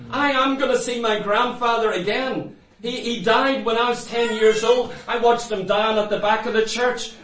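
A man's voice: extremely high pitch, fairly bright tone. A man preaching a sermon to a congregation, fervent and full of repeated rhetorical questions to the people in front of him. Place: church. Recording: echoey room, mic far off.

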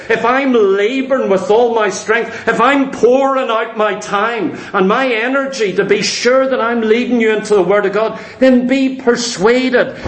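A man's voice: very high-pitched, echoey room. A man preaching a sermon, speaking earnestly and with emphasis to his congregation.

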